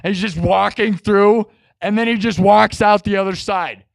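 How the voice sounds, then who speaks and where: A man hosting a live music stream, chatting in a rambling, excitable way and breaking into shouts. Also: sits high, moderate pace, gravelly, no room sound. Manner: excitable, bursts into shouts, heavy use of "like".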